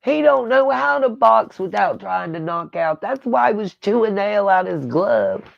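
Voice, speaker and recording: A woman's voice: medium pitch, very animated, normal speed, creaky, dry recording, highs cut off. A woman hosting a livestream, talking bluntly and profanely in a rambling rant from home. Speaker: livestream host. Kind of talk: casual livestream talk.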